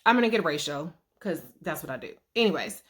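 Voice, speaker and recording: A woman's voice: low voice, lively intonation, brisk. A woman hosting a casual TV episode recap vlog, chatty and profane, who acts out characters' lines as she retells them.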